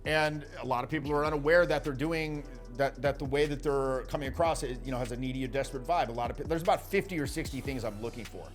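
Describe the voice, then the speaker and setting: A man coaching social skills in a casual, animated way, with the odd swear and quick acted-out quotes. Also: mid-range voice, faint music behind. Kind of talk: casual spoken teaching.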